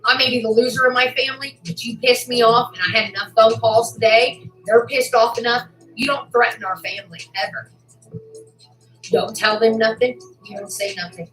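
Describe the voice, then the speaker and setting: A woman on a livestream, furious and profane, who swings between shouting and a low, seething voice. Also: steady tone, normal speed, echoey room, faint music behind, low-quality recording. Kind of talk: angry livestream rant.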